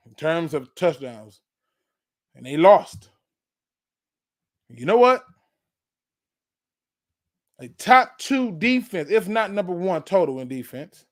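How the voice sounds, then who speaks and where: A man hosting his own sports channel, delivering a fired-up fan rant that hammers the same points again and again. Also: high voice. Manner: fired-up, preachy, repeats points.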